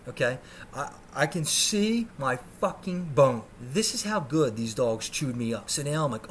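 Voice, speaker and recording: This podcast host speaks at a medium pitch and an unhurried pace, with slight background noise behind him. He spins a funny, heavily profane tale, getting animated and shrieking when acting out the scenes.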